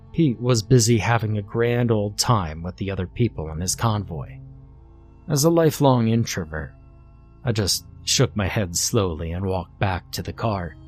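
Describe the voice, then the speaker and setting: A man with a fairly low voice narrates a scary story in the first person, calm and steady. His delivery is scripted and even. Soft music runs underneath. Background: faint background music.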